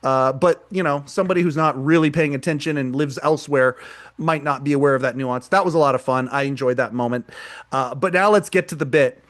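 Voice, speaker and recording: A man's voice: mid-range voice, fairly quick, a bit bright. A man co-hosting a podcast, retelling a live show in casual chat, rambling and repeating words as he goes. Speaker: podcast co-host.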